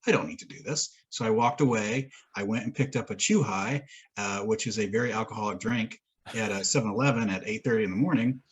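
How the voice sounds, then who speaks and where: A man's voice: lowish voice, a little fast, slight background noise. A man co-hosting a podcast, telling a long rambling story in casual chat, swearing and laughing often. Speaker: podcast co-host.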